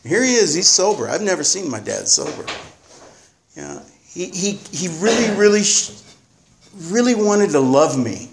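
A man with a slightly higher voice gives candid personal testimony at a recovery meeting. He rambles and circles back, talking bluntly and with coarse words. A faint hiss sits under the recording. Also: sing-song, moderate pace, vocal fry. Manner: rambling, blunt storytelling with profanity. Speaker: recovering alcoholic sharing at a meeting.

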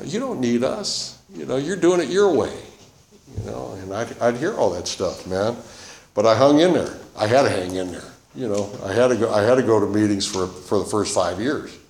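A man's voice: lowish voice, darkish tone. Rambling man sharing a personal testimony. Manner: rambling and conversational, full of "you know" and "man". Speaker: speaker sharing his recovery story. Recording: roomy echo with faint noise.

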